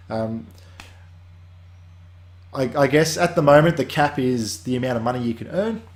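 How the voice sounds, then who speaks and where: Hosting a weekly game update in a mid-range voice, this man chats casually. His rambling delivery keeps wandering onto tangents and starting over.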